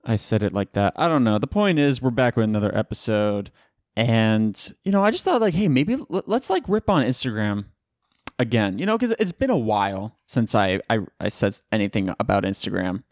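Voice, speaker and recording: A man's voice: lowish voice, dry recording, clean studio sound. Rambling young man hosting a podcast. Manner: rambling, self-correcting, animated asides. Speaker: podcast host. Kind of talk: casual solo podcast rant.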